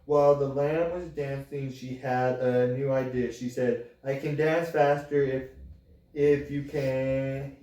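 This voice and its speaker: A young man co-hosting a podcast, joking around and reading haltingly with lots of ums. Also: mid-range voice, dark tone, highs cut off. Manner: joking, hesitant reader with ums. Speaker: podcast co-host. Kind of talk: casual podcast chat. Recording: echoey room, mic far off.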